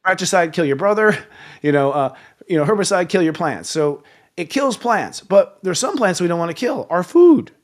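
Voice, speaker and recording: A man hosting a live talk show, ranting in an animated, profane way. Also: sits high, normal speed. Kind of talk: casual chat.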